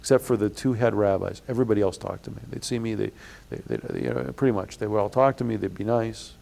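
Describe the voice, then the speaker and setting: This man talks fast in a lowish voice with vocal fry. Interviewed as a blogger about his experiences, he rambles through long stories, keeps restarting, sounds indignant, and loudly imitates the people he quotes.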